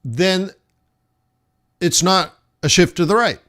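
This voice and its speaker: Slow, musing man streaming trades. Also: high-pitched, expressive, fairly bright tone. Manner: slow, musing, talks to chat as "guys"; thinks aloud over charts with pauses and fillers. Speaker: forex trading streamer. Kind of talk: live trading stream commentary.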